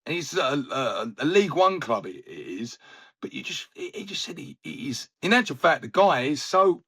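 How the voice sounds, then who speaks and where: A man chatting loosely about football, his voice bright and forward. He tells long rambling anecdotes and slips into the voices of the people he quotes. Casual, unscripted talk between mates. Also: a little high, very animated, moderate pace, breathy edge. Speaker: podcast co-host.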